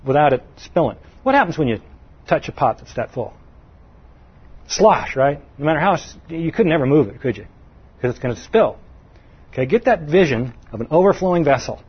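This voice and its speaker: A middle-aged man preaches in a folksy, chatty way with a husky, slightly raised voice. He keeps asking the audience questions and pushes his pitch up to stress each point. The recording is dull and muffled. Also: sing-song, a little fast. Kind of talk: conversational sermon.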